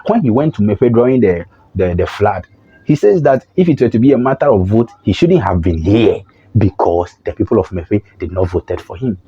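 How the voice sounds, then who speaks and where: A man with a Ghanaian accent giving opinionated political commentary as a vlogger, talking in an animated, mocking way and often restarting his sentences. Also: lowish voice, normal speed, breathy edge. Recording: dull lo-fi recording.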